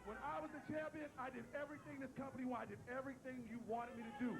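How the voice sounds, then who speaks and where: A man's voice: very high voice, steady tone, rapid-fire, noisy background. A man cutting a brash wrestling promo in a TV studio, repeating himself and taunting the crowd. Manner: brash, repetitive trash talk.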